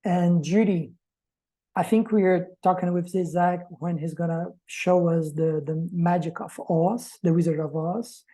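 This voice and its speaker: A woman's voice: lowish voice, fairly even intonation, a little slow, warm tone, rough recording. A woman giving an academic presentation to a reading group, speaking reflectively and posing rhetorical questions.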